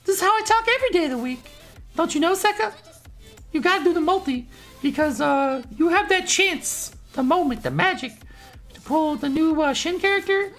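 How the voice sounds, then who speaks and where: A man in a voice clip, teasing a friend in a playful, squeaky put-on voice. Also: animated, normal speed, a bit bright, soft background music, full character voice. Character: man's squeaky, cheeky high joke voice. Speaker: fellow gamer in a sent-in clip. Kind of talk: joking voice clip.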